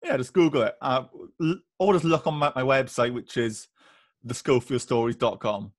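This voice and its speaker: A man's voice: mid-range voice, moderate pace, dry recording, clean studio sound. A young man, a student, chatting casually as a podcast guest, hesitant and easygoing. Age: young adult. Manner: hesitant, restarts and fillers, easygoing.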